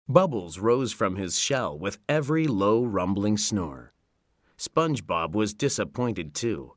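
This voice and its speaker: Slow, expressive male storybook narrator. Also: fairly low pitch, no echo, studio quality. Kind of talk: scripted narration.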